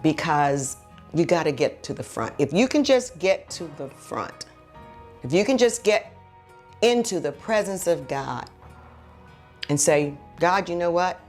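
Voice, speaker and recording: A woman's voice: sits low, sing-song, unhurried, pauses often, a little mellow, faint music behind. A woman preaching a heartfelt sermon, telling her own story and then leading a prayer in an earnest, exhorting way.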